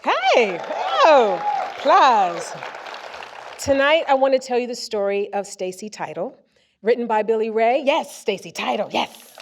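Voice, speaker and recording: A woman presenter reading a first-person story aloud on a theater stage into a microphone, with expressive comic timing. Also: fairly high pitch, unhurried, slight background noise. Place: theater stage before a live audience.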